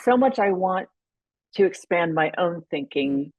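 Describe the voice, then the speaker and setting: Low-voiced woman explaining thoughtfully. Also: expressive, unhurried, dry recording, lo-fi sound. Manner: thoughtful, explanatory, with frequent restarts. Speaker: podcast guest, leadership consultant. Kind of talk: conversational interview.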